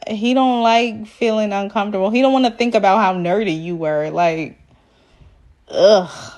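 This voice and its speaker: A woman's voice: mid-range voice, normal speed, a little mellow. A woman recapping a reality show in a sassy, chatty way, full of slang asides. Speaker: TV recap vlogger.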